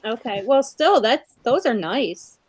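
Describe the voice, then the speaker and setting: A woman's voice: a little high, expressive, measured pace, a little hiss or hum. A woman hosting a video call chat, teasing her guests and laughing often. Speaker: host. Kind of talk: casual chat. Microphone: computer mic on a video call.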